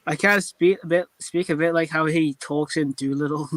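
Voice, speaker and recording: A man's voice: on the high side, steady tone, moderate pace, a bit bright. A man in a casual movie chat, hesitant with many ums.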